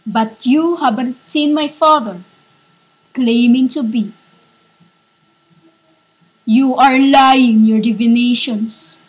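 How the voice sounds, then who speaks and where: A woman delivering a fervent prophetic declaration in a halting, repetitive way, speaking as if she were a divine voice. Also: fairly high pitch, fairly even intonation, slightly rough. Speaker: self-styled prophet.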